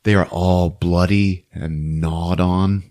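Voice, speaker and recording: A man hosting a podcast who recaps a movie in a casual, animated storytelling way. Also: deep voice, slow. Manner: animated storytelling, acting out scenes. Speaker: podcast host.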